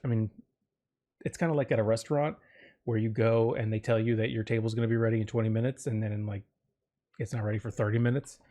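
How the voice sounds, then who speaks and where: With a fairly low, mellow voice and fairly even intonation, a man from Florida talks fast on his solo podcast. He tells a personal story that rambles and interrupts itself, with frequent fillers and jokes.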